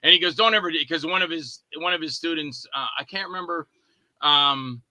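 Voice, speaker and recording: A man's voice: on the high side, normal speed, no room sound, low-quality recording. A man, a guest filmmaker, telling stories in a casual interview and acting out the people he quotes. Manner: animated, acts out quoted lines with swearing.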